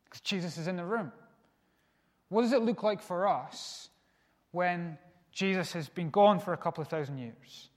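A man preaching a sermon in an earnest way, dropping to hushed lines and rising for emphasis. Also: a little high, animated, normal speed, long pauses. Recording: long reverb of a hall.

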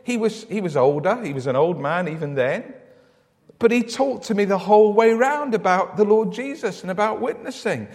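Male pastor, earnest storytelling sermon, slightly raised pitch, long church reverb. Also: animated, moderate pace, a little mellow. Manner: earnest storytelling, repeats words when starting. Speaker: preacher.

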